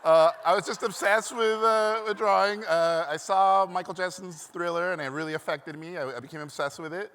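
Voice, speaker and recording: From a stage mic in a large, echoey hall, a keynote speaker from Mexico tells stories animatedly, acting out quotes and using lots of "uh" fillers. His voice sits high with a bright, clear, resonant tone. He talks at normal speed and barely pauses.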